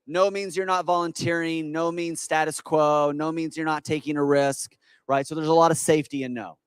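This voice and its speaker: A man giving an energetic, persuasive stage talk at a business expo, quizzing the audience with rhetorical questions. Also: on the high side, moderate pace, clear, resonant tone, no echo. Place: conference hall with audience.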